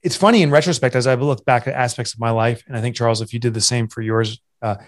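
An entrepreneur and author in his forties, interviewed as a guest, shares his story earnestly and candidly. His medium-pitched voice has fairly even intonation and a quick pace. Confessional and prone to restarting, he gets emotional, his voice catching as he chokes up at times.

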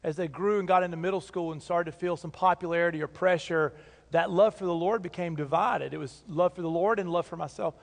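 A man's voice: high voice, steady tone, brisk, vocal fry. A man preaching a sermon as pastor, talking in an earnest, conversational way with emphatic repeats, in a church sanctuary. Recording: long hall reverb.

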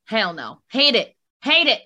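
A woman's voice: fairly high pitch, measured pace. A woman co-hosting a podcast, ranting in casual chat with lots of swearing. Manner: profane, animated ranting. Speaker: podcast co-host.

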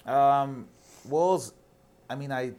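A man's voice: mid-range voice, slow, a little mellow. A man in his thirties, a guest on a casual interview, telling stories candidly and animatedly, with some casual swearing.

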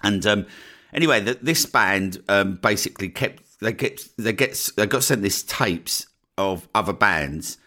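Chatty Essex man, low voice. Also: expressive, measured pace, bright, forceful tone. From northeast Essex, England. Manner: chatty, often ends points with "right?". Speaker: podcast host. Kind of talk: casual solo podcast talk.

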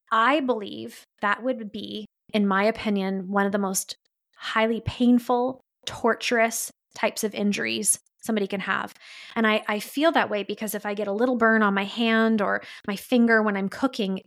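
A woman's voice: medium pitch, steady tone, moderate pace, vocal fry, fairly bright tone. A woman hosting a podcast, telling a story in an earnest, heartfelt way. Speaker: podcast host. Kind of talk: solo podcast monologue.

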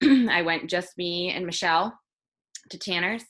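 A woman's voice: fairly low pitch, measured pace, a bit bright. A woman hosting an interview, talking in an earnest and reflective way. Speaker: host. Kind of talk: conversational interview.

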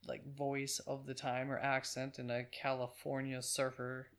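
A man's voice: mid-range voice, monotone, unhurried. A man narrating a casual film review with chatty, offhand asides.

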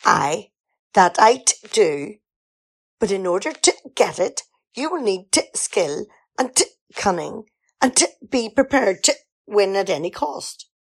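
Beyonce Bun, a woman's husky diva. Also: mid-range voice, animated, measured pace. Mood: stilted. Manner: theatrical, self-important storytelling. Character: grand diva singer, a woman. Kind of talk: amateur radio comedy sketch.

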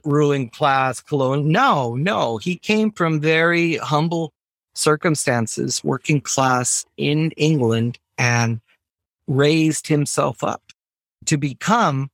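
An American man, a professor, talking in a casual interview with animated, emphatic, digressive speech. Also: a little high, slow, no room sound, studio quality. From United States. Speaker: professor, podcast guest.

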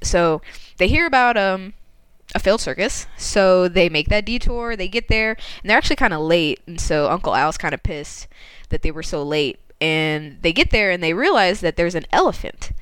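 A woman's voice: fairly low pitch, animated, normal speed, a bit bright, clear, resonant tone, no room sound. A woman casually retelling a story, chatty and laughing often, with lots of fillers.

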